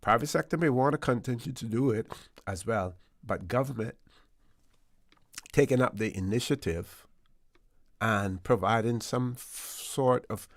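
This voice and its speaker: A Caymanian man hosting a radio talk show, talking in a relaxed, rambling way with plenty of fillers and restarts. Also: medium pitch, a little slow, no echo, clean studio sound. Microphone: studio microphone.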